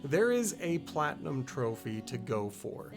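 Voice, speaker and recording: Male game streamer, mid-pitched, chatty and thinking aloud, faint music behind. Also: big pitch swings, measured pace, vocal fry. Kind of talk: casual live-stream commentary.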